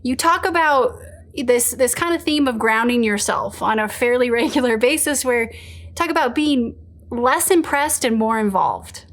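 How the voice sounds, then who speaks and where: A woman hosting a podcast interview, with a voice pitched a little higher than most women. She speaks in an affirming, conversational way as she sets up her next question. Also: animated, normal speed, a bit bright. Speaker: podcast host.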